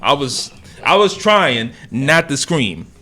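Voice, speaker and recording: Lively animated male podcast host. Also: fairly high pitch, slow pace. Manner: animated storytelling, acts out quotes loudly. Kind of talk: casual chat.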